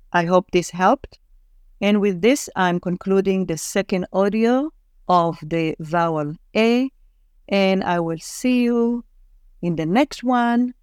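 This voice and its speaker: Woman language teacher, slow careful reading, slightly low and clear. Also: darkish tone, no room sound, clean studio sound. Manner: reads syllables and words slowly and deliberately. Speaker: Hebrew teacher.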